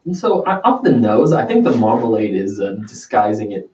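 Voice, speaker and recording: A man's voice: on the low side, very animated, moderate pace, a little mellow, slight background noise. A wry man co-hosts a casual beer-tasting chat, joking between sips and reading out stats. The room is echoey and he sits far from the mic. The recording sounds dull. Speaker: podcast co-host.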